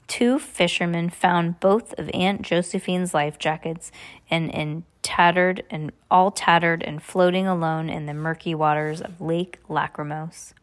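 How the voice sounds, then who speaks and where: A woman reading a novel aloud casually, stumbling over words and correcting herself. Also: on the low side. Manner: casual, stumbles and self-corrects, comments aside. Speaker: reader.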